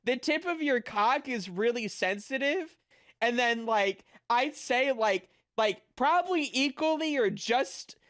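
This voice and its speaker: A man's voice: high-pitched, a bit bright. A young man streaming as a VTuber, chatting casually with viewers in a rambling, crude, flustered way full of fillers.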